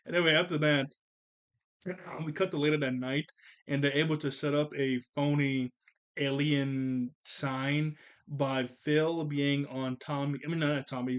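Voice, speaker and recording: A man casually recapping a cartoon episode, chatting loosely, laughing often and correcting himself mid-sentence. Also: mid-range voice.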